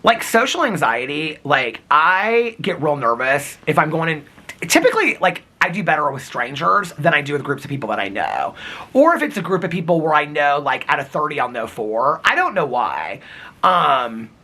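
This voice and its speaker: A man's voice: on the high side, very animated, moderate pace, pushed and bright. A man vlogging in casual, rambling storytelling, chatty and openly personal.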